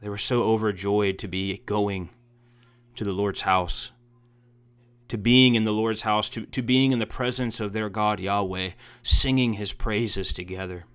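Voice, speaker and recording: A man's voice: fairly low pitch, fairly even intonation, a little slow, fairly bright tone, smooth, no room sound. A man preaching a heartfelt sermon as a pastor, earnest and emotional, building emphasis through repeated phrases.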